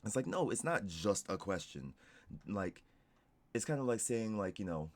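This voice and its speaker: A man's voice: lowish voice, sing-song, normal speed, a little mellow. A young man streaming casual reaction commentary, rambling with lots of "like" and restarts. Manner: rambling, heavy use of "like" and restarts.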